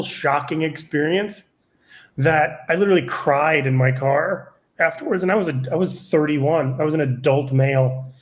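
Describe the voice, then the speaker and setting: A man in his forties with a fairly high voice tells a story as a podcast guest. He is a stand-up comedian who swears freely and keeps the telling animated and loose. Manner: profane, animated anecdote-telling.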